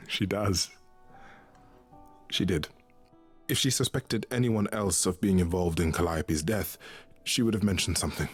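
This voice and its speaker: An actor playing a gentle, grieving male god of love in a video game, speaking softly and calmly with a husky voice. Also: low voice, a little slow, pauses often. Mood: calm, consoling. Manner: calm, consoling. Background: faint game music.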